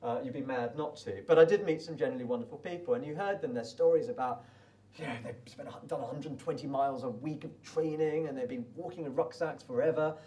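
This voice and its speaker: A British man recalls his race in a loose, chatty ramble, tripping over restarts as he speaks at a brisk clip. His voice is mellow and warm. He sits a little back from the microphone, so he sounds slightly distant. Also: medium pitch. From Britain. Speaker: desert race runner. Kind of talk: casual spoken recollection.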